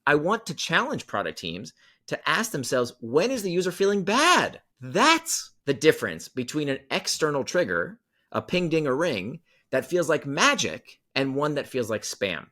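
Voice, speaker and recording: Fairly high in pitch and bright in tone, this male podcast guest explains his ideas with animated storytelling. He leans on emphasis, repeating key phrases for effect.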